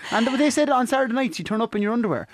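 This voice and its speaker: A man's voice: very high voice, lively intonation, very fast, a crowd in the background. An Irish man chatting as a guest, wisecracking and playful. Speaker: guest, TV presenter. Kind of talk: casual chat.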